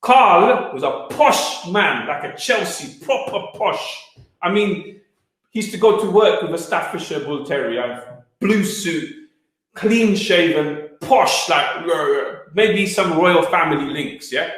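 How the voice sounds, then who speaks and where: A young man telling stories to an audience at a live event in a streetwise, animated way, with quick asides to the listeners. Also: sits high. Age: young adult. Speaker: wealth speaker. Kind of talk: storytelling talk at a live event. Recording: very echoey room.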